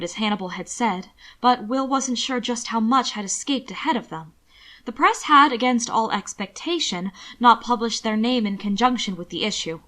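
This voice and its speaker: A woman reading fiction aloud as narrator, with steady, expressive storytelling. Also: on the high side. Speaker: audiobook narrator.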